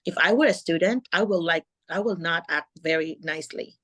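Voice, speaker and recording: A middle-aged woman, coaching teachers on a video call and acting out a calm classroom voice. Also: fairly low pitch, a little fast. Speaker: host and teacher mentor.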